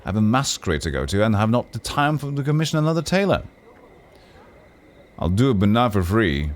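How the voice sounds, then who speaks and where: A man voicing a fussy, pompous nobleman who talks in a shrill, indignant and haughty way. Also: big pitch swings, fairly quick.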